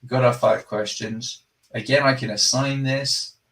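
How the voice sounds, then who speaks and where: A man's voice: mid-range voice, fairly even intonation, unhurried, vocal fry, fairly bright tone, recorded from a distance. A man hosting a live product demo. He talks enthusiastically and rambles, often breaking off and correcting himself. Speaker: product presenter and company host.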